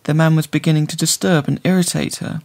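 A man reading a literary story aloud in measured, scripted narration. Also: on the high side, steady tone, vocal fry, darkish tone. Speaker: audiobook narrator.

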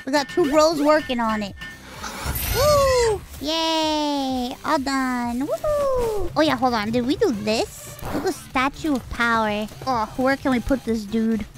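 A woman streamer giving excitable live commentary on a game she is playing, squealing, swearing and cooing cutely at creatures. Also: sits high, slow pace. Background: game music.

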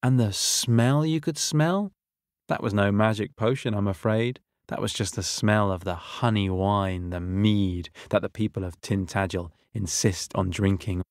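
A man voicing a calm, kindly old male king in a storybook, explaining in a measured way. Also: on the low side, no echo, clean studio sound.

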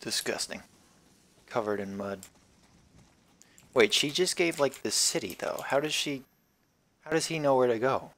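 A man commentating his own gameplay in a loose, rambling way, tossing out jokes and swear words as he goes. His voice sits at an ordinary middle pitch for a man, neither deep nor high. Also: animated, a little slow, long pauses, a bit bright. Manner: rambling, profane, wisecracking. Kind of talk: casual let's-play commentary.

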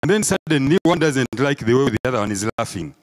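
A man with a Ugandan English accent performs a live stand-up comedy set. He tells his stories with animated energy, plays the voices of onlookers, and keeps checking in with the audience. His voice sits at an ordinary middle pitch for a man. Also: fast. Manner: animated storytelling, acts out crowd voices, peppered with "eh?".

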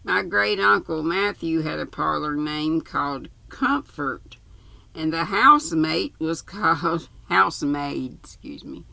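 Granny putting on a bossy bedridden old aunt, gravelly and bright, slow and snappy. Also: female voice, low-pitched, lively intonation, dry recording, exaggerated voice. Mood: imperious. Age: older. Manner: haughty and scolding. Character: cantankerous bedridden old aunt, sharp-tongued, imperious. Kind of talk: storybook reading.

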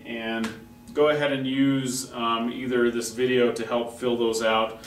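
A man's voice: medium pitch, little pitch movement, a little slow. A man teaching a music class, patiently explaining and chanting rhythm syllables at a chalkboard. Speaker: music instructor. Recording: echoey classroom, distant mic, faint noise.

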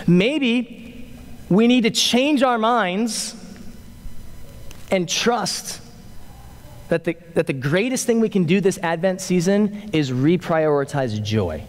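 High-voiced pastor preaching in a reverberant sanctuary. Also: male voice. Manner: conversational, joking asides, building to emphatic peaks. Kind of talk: sermon. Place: church sanctuary. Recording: long hall reverb.

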